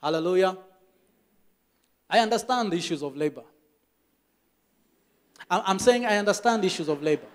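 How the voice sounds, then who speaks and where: A man's voice: high-pitched, animated, moderate pace, long pauses. A Kenyan man preaching a church sermon as the pastor, telling stories with emphatic repetition.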